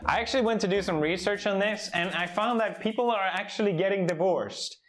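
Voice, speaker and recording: A man's voice: high-pitched, a little fast, a bit bright, a little hiss or hum. A European man delivering a comedic, sarcastic rant full of swearing. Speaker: comedy YouTuber.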